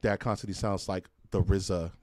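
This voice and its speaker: A man's voice: deep voice, fairly even intonation, normal speed, darkish tone, dry recording. Casual storytelling man on a dry podcast mic. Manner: loose storytelling, swears freely, puts on voices for quotes. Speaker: podcast co-host. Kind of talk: casual chat.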